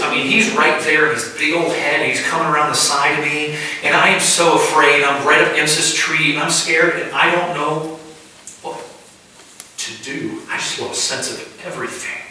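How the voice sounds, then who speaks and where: A man's voice: on the high side, bright, forceful tone. Guy preaching a story at house church, stops and restarts a lot, big roomy echo, faint noise behind. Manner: vivid first-person storytelling with halting restarts. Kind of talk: conversational sermon storytelling. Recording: echoey room, distant mic.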